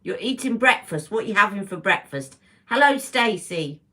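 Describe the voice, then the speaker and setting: A woman talking straight into her phone camera on a beauty livestream, greeting viewers one after another as they join. Her voice sits at an ordinary middle pitch, and she chats loosely, breaking off mid-sentence to say hello. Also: animated, normal speed, pushed and bright. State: emotional, close to tears. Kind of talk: casual livestream chat with viewers.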